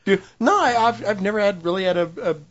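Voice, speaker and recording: A man's voice: sits high, lively intonation, fast, a bit bright. A man in a casual chat, answering hesitantly and bashfully with laughs. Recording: dull lo-fi sound.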